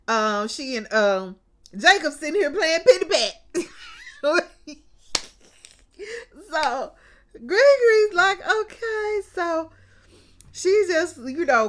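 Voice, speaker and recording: Lively, unhurried woman recapping a TV episode. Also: sits high. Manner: animated, laughs often, drawls out exclamations; colloquial and chatty, calls listeners baby and child.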